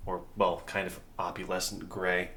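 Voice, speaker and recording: A man narrating a tabletop game as game master, in a relaxed, halting way with many pauses. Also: low voice, a little hiss or hum.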